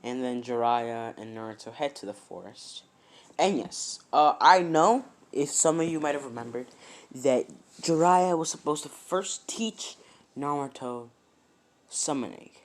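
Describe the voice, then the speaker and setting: A man narrating a fan story he makes up as he goes. He rambles, fills pauses with um and uh, and corrects himself mid-sentence in a loose, casual way. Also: medium pitch. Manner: rambling, many fillers and self-corrections.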